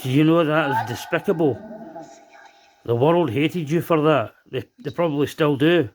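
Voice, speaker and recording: A man's voice: fairly high pitch, normal speed, darkish tone. Stern man interrogating a spirit. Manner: stern, accusing, confrontational questioning. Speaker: paranormal investigator host. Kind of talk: spirit box session, questioning a spirit.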